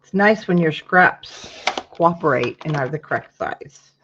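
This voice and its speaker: A woman hosting a casual paper-craft tutorial, her voice sitting on the lower side. She chats with viewers by name as she measures and trims. The recording is dull and lo-fi. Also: expressive, unhurried, noisy background. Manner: chatty, greets viewers by name mid-task.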